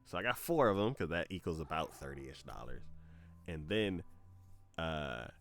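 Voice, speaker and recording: A man's voice: extremely low pitch, big pitch swings, normal speed, creaky, fairly bright tone. A young adult man streaming live, telling a rambling story in casual chat and acting out both sides of each conversation with lots of fillers. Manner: frequent laughs and filler words.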